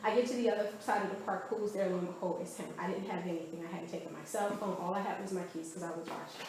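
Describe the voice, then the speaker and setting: This woman has a lowish voice and races through her words against a noisy background. Speaking in a conversational interview, she tells her story animatedly and frequently acts out quoted speech. The room is very echoey, with faint ambience behind her.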